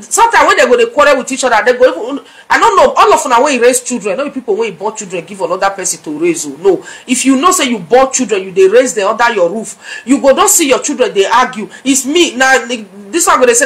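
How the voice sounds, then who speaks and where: A middle-aged Nigerian woman blogging to her viewers, her voice sitting a little high. She talks in a chatty, scolding way and drifts between Pidgin and English as she lectures. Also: a bit bright. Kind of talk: casual vlog commentary.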